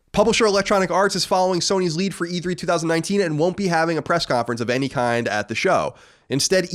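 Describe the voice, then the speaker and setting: A man co-hosting a casual podcast, reading out news and joking loosely with his co-host. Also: a little high.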